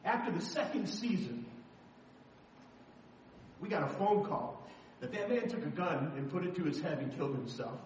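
Middle aged pastor preaching, high voice, lots of echo, faint background hum. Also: male voice, very animated, moderate pace, pauses often. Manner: storytelling, emphatic, dramatic shifts in loudness. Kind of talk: sermon. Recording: echoey hall from far off.

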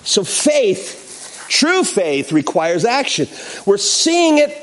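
A man preaching a sermon as the church's pastor. He tells a personal story with a lot of energy, acting out what other people said. His voice sits a little high and swings widely in pitch. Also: slow pace. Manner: animated storytelling with acted-out quotes.

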